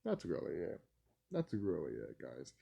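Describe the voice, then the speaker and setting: Rambling, profane man with a lively voice. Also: extremely low pitch, unhurried, gravelly, husky. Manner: rambling, profane, laughs easily, stumbles over words. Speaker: video creator. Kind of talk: casual rambling vlog.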